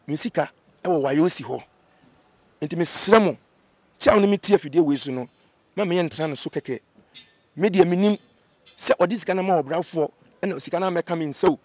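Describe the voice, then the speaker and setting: A Ghanaian man, an interview guest, telling a grievance story with energy and acting out what others said in lively voices. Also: sits high, no echo. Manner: animated, acts out quoted dialogue. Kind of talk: emotional storytelling. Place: outdoor location away from the studio.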